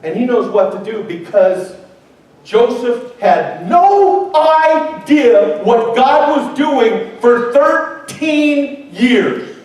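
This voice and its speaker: A man's voice: very high voice, expressive, drawn-out words, a little mellow. A male pastor preaching a sermon in a church hall, talking in a joking, conversational way and acting out quoted voices. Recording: very echoey hall from far off, faint noise.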